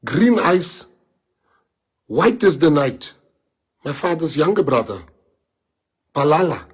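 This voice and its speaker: On a live stream, a native Afrikaans speaker from South Africa holds forth in an impassioned monologue, firing off rhetorical questions and moving between quiet and loud. His voice sits a little high, with a sing-song lilt, a breathy edge, and an unhurried pace.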